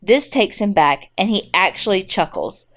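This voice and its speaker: A woman's voice: mid-range voice, expressive, normal speed. Wry woman reading listener stories. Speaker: podcast co-host. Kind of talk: casual chat and reading listener stories aloud.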